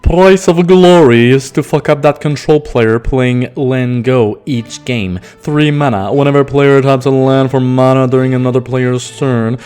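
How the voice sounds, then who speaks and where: A French-born man hosting a card review, sarcastic and jokey, rattling off card text quickly. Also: medium pitch, darkish tone, smooth, faint music behind. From France. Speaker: host.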